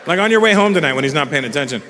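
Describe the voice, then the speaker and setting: Rapid-fire, with lively intonation and a slightly high voice, this middle-aged Canadian man performs stand-up in a large live venue, swearing freely, telling stories and bantering with the crowd. There's background noise, live hall reverb and faint ambience.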